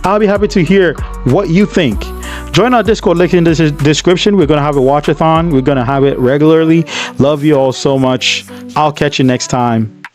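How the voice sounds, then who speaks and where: A man's voice: fairly high pitch, a little fast, darkish tone, soft background music. A man hosting a reaction channel, talking back at a story video with effusive praise and blunt insults. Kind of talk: emotional reaction commentary.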